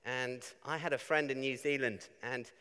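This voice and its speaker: A man's voice: medium pitch, fairly even intonation, moderate pace, pushed and bright, clean tone. A man preaching a conversational sermon, often asking tag questions of his listeners. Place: church. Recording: long reverb of a church.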